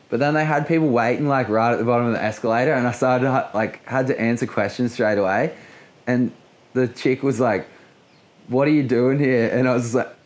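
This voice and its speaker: A relaxed Australian man in his late twenties tells a story as an interview guest. His voice sits at an ordinary middle pitch, and his delivery is loose and slangy. He swears freely and leans on "like" between phrases. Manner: laid-back, swears often, heavy use of filler "like". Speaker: guest surfer.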